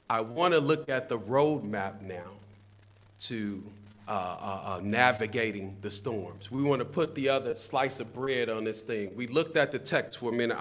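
A man preaching a sermon as a deacon, swelling to loud emphatic peaks on key phrases, repeating words and joking with the congregation. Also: mid-range voice.

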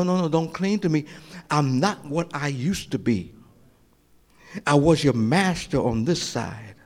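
A male pastor delivers a sermon in a fairly high voice with a very lively, swooping pitch. He retells scripture animatedly, rising to loud emphasis and dropping to near-whispers, often repeating and restarting phrases as he goes. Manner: animated preaching, swinging from loud to hushed and whispered.

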